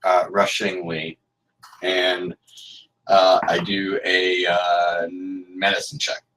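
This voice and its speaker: Player, male, very low voice, halting and casual. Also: monotone, fairly bright tone, slight background noise, rough recording. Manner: hesitant, restarts words. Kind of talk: casual game talk.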